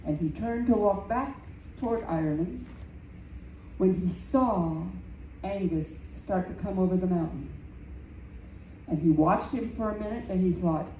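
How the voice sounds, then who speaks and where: A woman storyteller telling a folktale live in a community center room, slow and dramatic, repeating phrases for effect. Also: lowish voice, mellow. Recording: roomy, distant, faint background noise.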